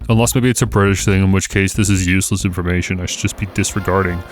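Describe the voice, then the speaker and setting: A lowish-voiced man commenting as he plays a quiz game. He is sarcastic and exasperated, cracking jokes at every question. Faint music plays under his voice. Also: steady tone, fast. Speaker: gaming YouTuber. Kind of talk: casual gameplay commentary.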